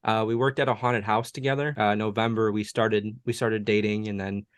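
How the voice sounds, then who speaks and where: A man in his twenties from the US, leading a paranormal investigation group and casually telling stories in an interview, relaxed and rambling with many fillers. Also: lowish voice, brisk, clear, resonant tone, no room sound, clean studio sound. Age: 20s.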